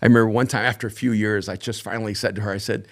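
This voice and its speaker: A man in his sixties, a podcast guest speaking in a thoughtful, measured, reflective way. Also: fairly low pitch, flat delivery. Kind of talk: reflective conversation.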